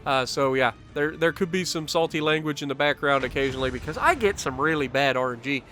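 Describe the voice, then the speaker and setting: Bright, upbeat man narrating gameplay. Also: fairly high pitch, fast talker, soft background music. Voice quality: chuckles often, upbeat and talkative. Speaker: gaming commentator. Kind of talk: casual gameplay commentary.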